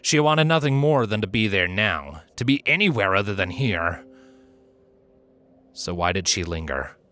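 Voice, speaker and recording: Deep-voiced guy reading fanfic aloud, crisp bright tone, little bit of music in the back. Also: big pitch swings, a little slow. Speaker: narrator and reader. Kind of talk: fanfiction audiobook narration.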